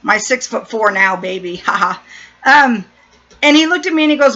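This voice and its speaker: A woman's voice: a little high, animated, moderate pace, bright, forceful tone. A middle-aged woman from San Diego telling a story in casual, blunt, profane chat. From San Diego, USA. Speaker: vlogger. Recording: dull lo-fi recording.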